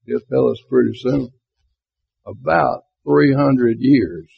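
A man speaks slowly in a creaky, mid-range voice with a breathy edge. He leads a conversational Bible class full of rhetorical questions, captured on a tinny, phone-like lo-fi recording.

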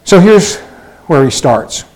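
A man's voice: fairly high pitch, big pitch swings, slow pace, darkish tone, poor audio. A man teaching a Bible study lesson, reading verses and explaining them in a loose, conversational way with many fillers and restarts.

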